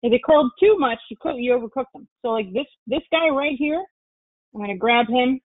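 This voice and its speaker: A woman guest chef with a high voice talks a little fast as she cooks, casually explaining each step and swearing now and then. The recording has no room sound and a tinny, phone-like quality.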